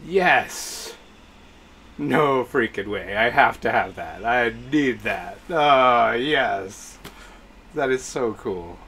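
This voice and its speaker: Excitable male streamer, lively pitch. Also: extremely slow, a little hiss or hum. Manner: excitable, gushing exclamations, greets chat viewers. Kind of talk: live-stream reaction commentary.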